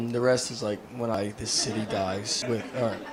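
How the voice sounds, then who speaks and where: A middle-aged man doing a stand-up comedy set, telling rambling deadpan stories full of fillers. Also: mid-range voice, measured pace. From United States. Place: stage before a laughing audience.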